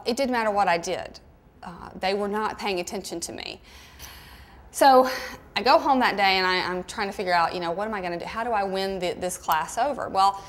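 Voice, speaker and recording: A middle-aged woman with a Southern American accent, telling a personal story in an animated, conversational way. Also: mid-range voice. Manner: animated storyteller, with mimicking asides. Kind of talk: storytelling talk.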